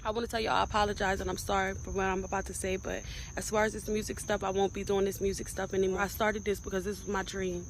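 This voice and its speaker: A woman who is a rapper, making an emotional video confession in a halting, pleading, repetitive way. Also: medium pitch, little pitch movement.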